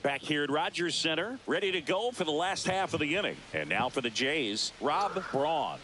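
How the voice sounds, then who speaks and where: A man voicing a brisk, upbeat play-by-play announcer in a baseball video game, with a polished broadcaster delivery. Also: fairly high pitch, sing-song, bright, forceful tone, a little hiss or hum. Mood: calling play.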